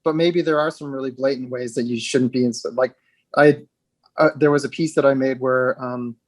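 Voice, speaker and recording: A man speaking as an interview guest, reflective and halting, with frequent restarts and fillers. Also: medium pitch, steady tone, dry recording. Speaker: guest, actor with dwarfism.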